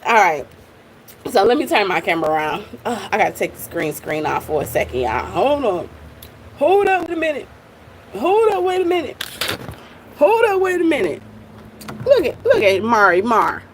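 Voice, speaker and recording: A woman's voice: on the high side, big pitch swings, moderate pace, long pauses, slight background noise. A woman hosting a reaction video, talking straight to viewers in casual slangy chat. She laughs often and curses freely. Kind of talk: casual commentary on a viral clip.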